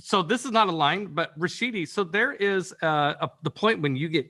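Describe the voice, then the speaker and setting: A man's voice: high-pitched, expressive, normal speed, bright, forceful tone. A man directing voice actors in a recording session, giving rambling instructions full of fillers over a video call.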